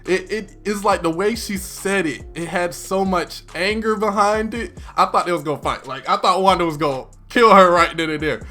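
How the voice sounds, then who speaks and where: A man casually recapping a TV episode in an excitable, chatty way with lots of fillers. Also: high voice, normal speed, few pauses, faint music behind.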